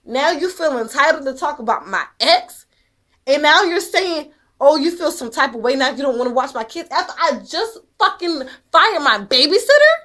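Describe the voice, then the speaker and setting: A woman's voice: high-pitched, sing-song, moderate pace, pushed and bright. A woman telling a personal story about her life as a mother. She speaks with emphasis and heat, swears often, and keeps pressing her point with "okay?". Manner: profane, emphatic, heated. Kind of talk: emotional first-person storytelling.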